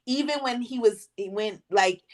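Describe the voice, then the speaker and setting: A woman's voice: a little high, normal speed. A woman co-hosting a movie podcast, giving her opinion in a rambling way with lots of ums. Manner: rambling, many ums, lively quoting. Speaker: podcast co-host. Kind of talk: casual chat.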